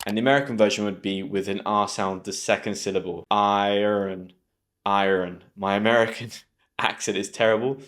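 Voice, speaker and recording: A British man with a British English accent, teaching English pronunciation to camera and slowly repeating words clearly. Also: fairly low pitch, fairly bright tone. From Britain.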